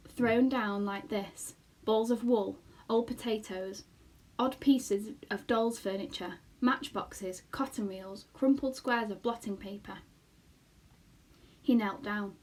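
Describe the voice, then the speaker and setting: A woman teacher reading a children's novel aloud in a slow, expressive storytelling manner. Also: medium pitch, rough recording.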